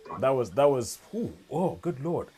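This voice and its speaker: A man's voice: mid-range voice, big pitch swings, normal speed, dark tone. A man co-hosting a casual podcast chat, rambling and enthusiastic, often restarting his sentences. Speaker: podcast co-host.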